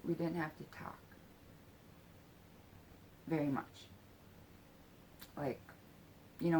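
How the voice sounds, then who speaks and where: A woman telling a personal story in a casual, halting way, full of fillers and swearing, acting out quoted lines and sometimes dropping to a whisper. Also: sits low, little pitch movement, a little mellow, a little hiss or hum, poor audio.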